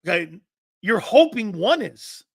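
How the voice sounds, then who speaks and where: A man hosting a sports talk show, brash and profane, arguing loudly with his co-host. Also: high voice, sing-song, a little slow, dry recording.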